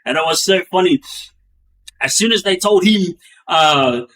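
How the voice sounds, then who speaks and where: A man telling a story in a loose, rambling way, with many fillers and restarts, acting out the action with bangs and booms. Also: measured pace. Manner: animated, acts out sounds with bangs and booms. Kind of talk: casual spoken storytelling.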